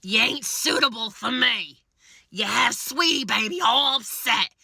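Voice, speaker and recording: Woman doing a loud bird-crazy lady, coarse and bossy, bright sharp tone. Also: on the high side, unhurried, vocal fry, breathy edge, no room sound, studio quality, full character voice. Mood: scolding. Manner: coarse, scolding, doting on her bird. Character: brash bird-obsessed woman homeowner.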